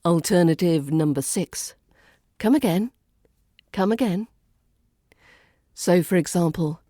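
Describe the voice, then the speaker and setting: An English woman with an RP accent coaches pronunciation at an unhurried pace. Her voice is mellow and slightly low, and she models each phrase clearly and deliberately. The recording is dry and close. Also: dry recording. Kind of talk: accent lesson with example phrases.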